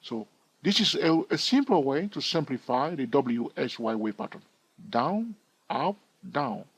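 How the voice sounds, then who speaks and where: A man's voice: mid-range voice, sing-song, a little slow, husky, no room sound. A man giving a screen-recorded chart tutorial in a chatty way, thinking aloud and asking his viewers questions. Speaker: trading educator.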